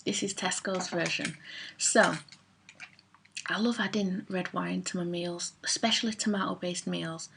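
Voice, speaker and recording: A woman's voice: lowish voice, fairly even intonation, unhurried, creaky, noisy background. A woman vlogging in a chatty, rambling, self-mocking way about favourite products. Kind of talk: casual chat to camera.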